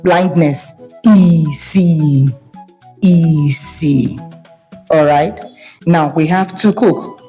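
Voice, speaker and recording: Woman, kids' language teacher, encouraging, models tones by sliding pitch; soft music under. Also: drawn-out words, pauses often. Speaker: Igbo language teacher for children. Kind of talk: online language lesson.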